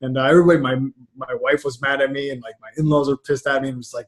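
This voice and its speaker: A man's voice: mid-range voice, fairly even intonation, fast talker, few pauses. A middle-aged man, a mindset coach, talking casually in an interview over a video call, rambling and repeating words with frank energy. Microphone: webcam about two feet away.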